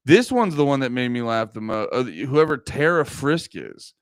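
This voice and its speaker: A man's voice: mid-range voice, very animated, unhurried, clear, resonant tone, dry recording, studio quality. A man in his thirties hosting a livestream, rambling casually with profanity and frequent laughs. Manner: profane, self-mocking, laughs often. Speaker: livestream host.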